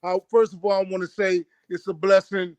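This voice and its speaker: A man's voice: high voice, little pitch movement, a little fast, a little mellow, no echo. A man in his fifties from Baltimore, a joking, playful guest on a talk stream.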